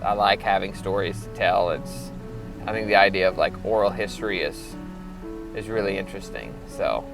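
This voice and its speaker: A man's voice: sits low, moderate pace, creaky, music in the background. A young man from Arkansas talking about his art in a loose, rambling documentary interview, full of filler words. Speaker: performance artist.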